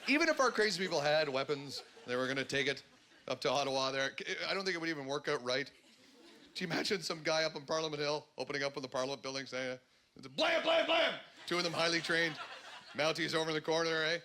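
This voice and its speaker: A man from Canada with a Canadian accent doing a stand-up comedy set on a club stage, rambling and animated with lots of filler sounds. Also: on the high side, fast talker, a little hiss or hum. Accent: Canadian English. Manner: rambling, animated storytelling with frequent filler ums and outbursts.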